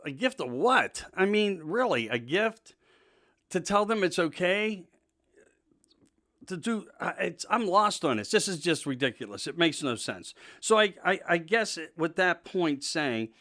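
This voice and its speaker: A man's voice: sits high, sing-song, a little slow, sharp tone. A male host giving an emphatic, indignant political monologue, repeating himself for emphasis. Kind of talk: political talk show monologue.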